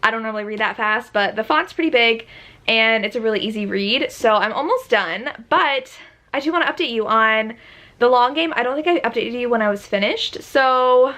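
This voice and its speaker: A woman's voice: a little high, normal speed, pushed and bright. A young woman chatting casually in a reading vlog, gushing with enthusiasm and filling her talk with "like". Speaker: book vlogger.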